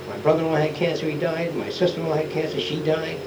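A man's voice: on the high side, rapid-fire, hardly any pauses. A man giving an unscripted classroom lecture, blunt and rambling, swearing and acting out the people he quotes. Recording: old lecture tape with hiss.

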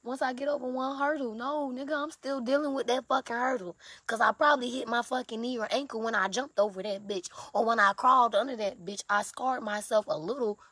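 A woman's voice: fairly high pitch, steady tone, fairly quick, hardly any pauses, a bit bright, breathy edge, dry recording. A woman in an emotional confessional vlog, exhausted and sleepless, talking in raw, profane outpourings. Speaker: vlogger.

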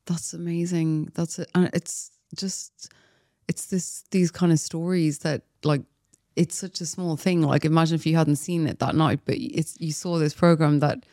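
A man's voice: on the high side, steady tone, moderate pace, warm tone, no room sound, clean studio sound. A man hosting an interview podcast, thinking aloud and searching for words as he reflects on his guest's story. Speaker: podcast host. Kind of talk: casual interview.

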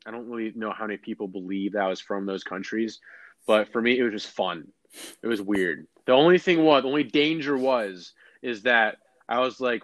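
A young American man chatting casually, rambling and animated, full of filler words and false starts. His voice sounds close and dry. He jumps between thoughts with an easy, joking looseness. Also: fairly low pitch, moderate pace, dry recording. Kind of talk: casual chat.

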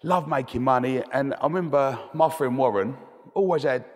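A man's voice: medium pitch, moderate pace. Cheeky man telling stories. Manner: cheeky, chatty storyteller with many restarts. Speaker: guest. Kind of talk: telling anecdotes in interview. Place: debating hall. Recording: long hall reverb.

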